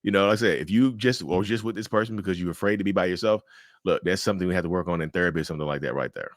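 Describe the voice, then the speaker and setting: A man's voice: deep voice, rapid-fire, dry recording. Guy ranting about a story, lots of rhetorical questions, says y'all a lot, dry room. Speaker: commentator on viewer stories. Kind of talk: casual reaction commentary.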